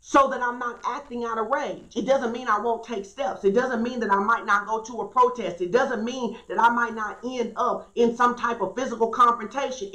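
A woman's voice: a little high, fairly bright tone. A woman pastor preaching an earnest, emphatic sermon and reading scripture aloud. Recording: echoey room.

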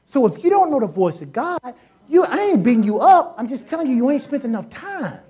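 Joking, lively woman preaching a sermon. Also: high voice, fairly quick, husky. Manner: lively, joking, acts out voices and sounds; casual colloquial speech with repetitions.

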